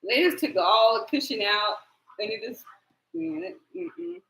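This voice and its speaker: Animated high-voiced woman chatting on a live stream. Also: measured pace, reverberant, a little hiss or hum, low-quality recording. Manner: animated storyteller, laughs often, swears. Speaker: tarot reader hosting live stream. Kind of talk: rambling live-stream chat.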